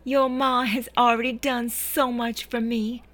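A woman voicing a sweet, spirited young woman who speaks gently and encouragingly. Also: on the high side, little pitch movement, measured pace, dry recording, pitched above the performer's own voice. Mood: tender.

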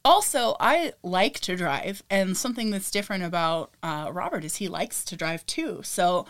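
A woman's voice: lowish voice, normal speed. A young woman co-hosting a podcast, telling stories in casual chat and laughing often. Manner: animated storyteller, laughs often. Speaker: podcast co-host.

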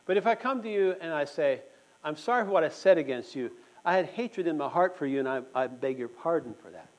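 A man's voice: fairly high pitch, animated, brisk, poor audio. A man giving a conversational sermon at a church meeting, earnest and talking straight to his listeners with questions. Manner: earnest, asks the audience questions. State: just had a tooth pulled. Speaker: church speaker.

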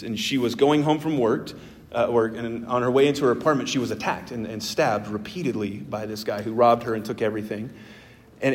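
A man preaching a sermon as a pastor, earnest and animated, with emphatic jumps in his voice. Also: mid-range voice. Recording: long hall reverb.

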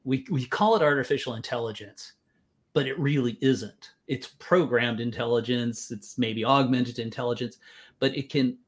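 A man's voice: medium pitch, moderate pace. A man talking about data modeling in a podcast conversation, wry and explaining things through everyday examples. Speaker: data modeling guest speaker.

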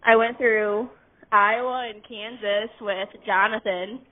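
A woman's voice: mid-range voice, fairly even intonation, slow. Young woman, tinny phone-like line. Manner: laughing, playful, teasing. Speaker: podcast co-host. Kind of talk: casual storytelling chat.

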